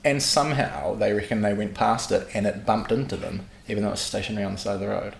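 A young man with a New Zealand accent, chatting casually on a podcast and telling animated, profanity-laced stories. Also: on the low side, fast talker, creaky. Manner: animated storyteller, swears freely. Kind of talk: casual chat. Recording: echoey room, faint background hum.

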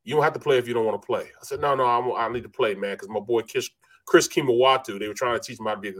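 A man's voice: mid-range voice, fast talker, a bit bright. A middle-aged man spins an easygoing sports story in casual chat, peppering it with bro and man. He acts out the other people in his tale. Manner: laid-back, says bro and man a lot, acts out quotes. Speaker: former NFL lineman, co-host.

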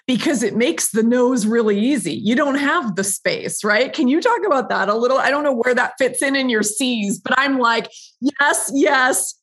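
A woman's voice: on the high side, slightly rough. A woman hosting a podcast interview, reacting with enthusiastic affirmations and asking questions. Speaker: podcast host. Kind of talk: casual interview.

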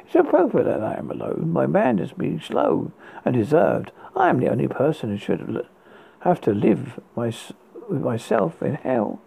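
A man hosting a horror podcast, reading his story in a halting way with restarts, on a tinny lo-fi recording. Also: on the high side, sing-song, vocal fry, mellow, breathy edge. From United Kingdom. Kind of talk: read horror story narration. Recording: tinny phone-like lo-fi sound.

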